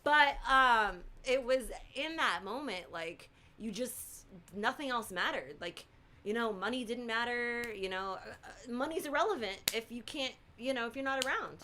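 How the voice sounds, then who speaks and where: Animated, bright-voiced woman telling a story. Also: on the high side, normal speed, a little hiss or hum. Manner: animated storytelling, acts out quotes. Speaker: co-host. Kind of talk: live stream chat.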